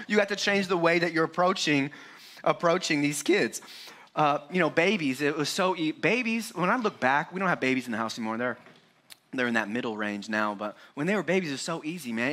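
A pastor in his forties is preaching at church, his voice pitched on the high side with a sharp edge. He keeps it chatty and full of jokes, acting out family-life scenes and raising his voice to play his kids.

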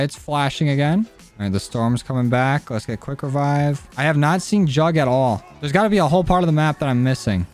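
A young man talks through his game in a loose, joking way, swearing and getting excitable. His pitch sits in the middle of the male range. He speaks into a desk mic, with faint music running behind him. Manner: jokey, cursing, excitable. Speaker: gaming YouTuber. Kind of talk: casual gameplay commentary.

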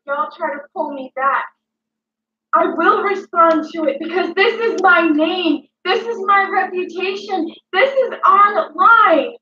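A woman's voice: very high-pitched, sharp tone, recorded from a distance, slight background noise, heavily acted. A woman playing a dramatic female influencer, ranting emotionally at her critics with repetition and swearing. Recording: dull, echoey room, mic set back.

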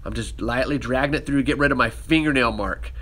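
Man, ceramics teacher, bright tone, easygoing hands-on demo talk. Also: mid-range voice, fairly quick. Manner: relaxed, talks while working with hands. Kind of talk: casual demonstration lesson.

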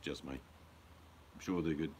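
A man's voice: rumbling low, steady tone, takes it slowly, very noisy. A middle-aged man, chatting casually and bluntly as a stream host, full of crude jokes. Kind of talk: casual live-stream chat.

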